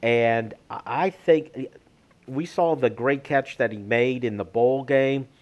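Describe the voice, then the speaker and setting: A man's voice: medium pitch, slow, dull audio. Man hosting a sports talk show.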